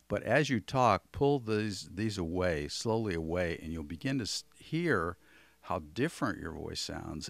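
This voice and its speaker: A man with a low, gravelly voice leads a voice workshop. He talks in a relaxed way and shows where the voice can sit as he teaches. The sound is dry and close. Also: dry recording. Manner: relaxed, demonstrates voice placement while teaching. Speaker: voice coach. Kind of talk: workshop lesson.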